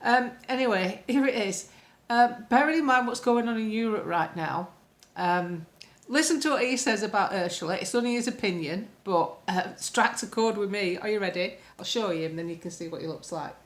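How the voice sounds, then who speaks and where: Woman vlogger, mid-pitched, rambling sarcastic chat with lots of fillers. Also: moderate pace. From England. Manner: chatty, rambling, many fillers, sarcastic asides. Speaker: political vlogger. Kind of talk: casual political commentary.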